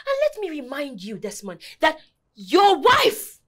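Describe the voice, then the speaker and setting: An actress with a Nigerian accent playing a bold, protective young woman who confronts an abusive husband with sharp, sarcastic defiance. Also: high voice, wildly swooping pitch, a little slow, exaggerated voice. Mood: scornful. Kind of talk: film acting.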